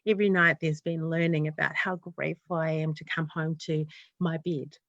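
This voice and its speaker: A woman's voice: sits low, fairly even intonation, normal speed, fairly bright tone, dry recording, lo-fi sound. A woman, a community developer talking in an earnest, heartfelt way in an interview. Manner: earnest, heartfelt, rambling run-on thoughts. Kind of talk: casual interview chat.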